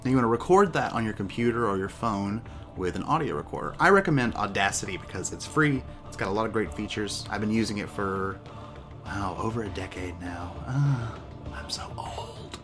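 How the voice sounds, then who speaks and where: A man's voice: fairly low pitch, animated, brisk. A man hosting a casual how-to vlog in an upbeat, chatty way, joking about himself. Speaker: YouTube host. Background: music.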